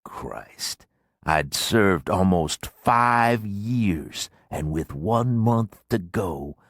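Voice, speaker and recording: An actor voicing a cold, merciless dead man bent on revenge, with a deep gravelly voice and a menacing manner, in an audiobook. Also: expressive, very slow, no room sound, studio quality, full character voice. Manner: menacing, speaks through clenched teeth. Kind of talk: audiobook character voice.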